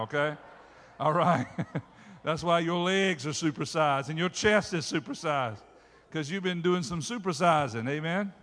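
A man preaching a sermon as pastor, peppering it with call-and-response asides and rising to loud shouts. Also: a little high. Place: church sanctuary. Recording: hall reverb.

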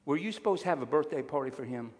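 Lively preaching man in a reverberant hall. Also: mid-range voice, fast. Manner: emphatic preaching with call-and-response. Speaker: pastor. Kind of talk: sermon.

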